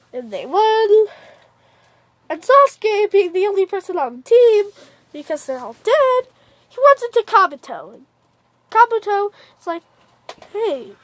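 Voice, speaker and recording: A woman with a very high voice rambles slowly through a casual story retelling, padding it with "like" and false starts. The sound is dry and close, with no room echo. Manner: rambling, full of "like" and restarts.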